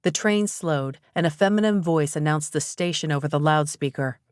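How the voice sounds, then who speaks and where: A woman with a low voice narrates a novel in an even, measured way. The recording is dry and close-miked, with no room around her. It sounds like a studio audiobook read. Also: clear, resonant tone, no echo. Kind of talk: scripted narration.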